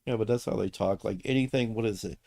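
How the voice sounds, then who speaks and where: A man's voice: on the low side, fast talker, vocal fry, a little mellow, no echo. A man hosting a livestream, talking in a blunt, opinionated and emphatic way in casual chat. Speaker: streamer host.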